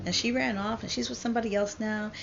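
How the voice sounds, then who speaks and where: A lovesick teenage boy, as a woman puts him on, whines in dude-speak and blows everything up into drama. The voice has a gravelly grain. The recording is dull and slightly hissy. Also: a little high, fairly even intonation, fast. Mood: lovelorn. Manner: slangy, whiny and overwrought.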